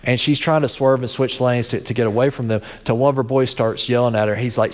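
Pastor preaching in a reverberant hall. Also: male voice, mid-range voice, steady tone, fast, hardly any pauses. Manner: conversational storytelling with frequent restarts. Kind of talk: sermon.

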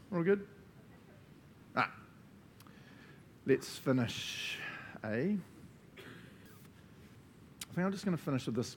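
Chatty New Zealand man leading a church talk. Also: medium pitch. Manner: chatty, relaxed, tags sentences with "eh?". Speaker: church leader. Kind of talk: casual sermon with group discussion. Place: church gathering.

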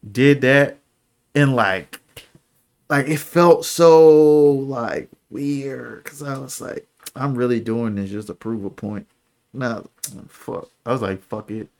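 A young man, telling a personal story on a podcast in candid slang, his voice sinking low and soft at the painful parts. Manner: candid, slangy, lots of "like" and "bro"; emotional, voice drops low and soft when recalling. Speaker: podcast co-host. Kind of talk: casual storytelling.

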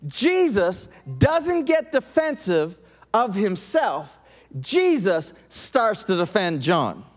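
A man preaching a sermon with an animated delivery, swinging from lively emphasis to a soft, intense tone. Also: sits high, takes it slowly, long reverb tail. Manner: animated, acts out quoted voices, drops to soft intense tone.

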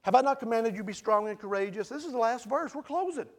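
A man preaching a sermon emphatically, swinging from hushed asides to near-shouting. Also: very high-pitched, fast, hardly any pauses.

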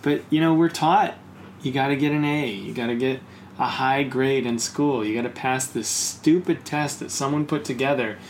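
A man co-hosting a podcast, ranting in casual chat, swearing often and rising into loud bursts. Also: medium pitch, moderate pace, a little hiss or hum. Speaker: podcast co-host.

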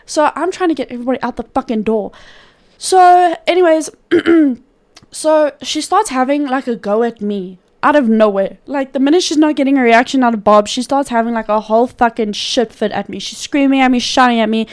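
A woman with a high voice tells a chaotic family story as a podcast co-host. Her talk is loose and animated, swearing freely and laughing as she goes. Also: normal speed. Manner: profane, animated, laughs often. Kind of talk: casual storytelling.

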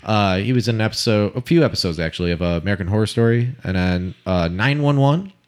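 A man's voice: fairly low pitch, fast. A man co-hosting a casual TV review chat, hesitant, with many fillers, stumbling over names. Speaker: podcast co-host.

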